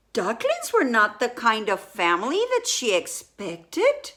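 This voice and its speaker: A woman reads a picture book aloud in a slow, expressive way, with many exclamations. Her voice is very high and bright, and it moves up and down a lot. She takes her time over every phrase. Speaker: storyteller.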